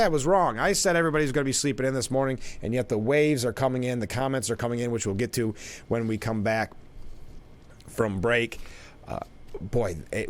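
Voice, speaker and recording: Man hosting a talk show, low voice. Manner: conversational, frequent restarts and asides. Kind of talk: casual political commentary. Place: broadcast studio.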